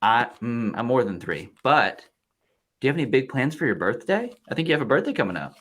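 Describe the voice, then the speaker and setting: A young man hosting a podcast, gently and playfully chatting with his toddler son. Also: medium pitch, sing-song, brisk. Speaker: podcast host.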